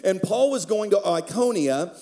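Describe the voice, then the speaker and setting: A male pastor preaches in a relaxed, conversational way, mixing jokes with scripture. His voice is high yet mellow and warm, and he leads his congregation through prayer. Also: normal speed, faint music behind. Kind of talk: sermon.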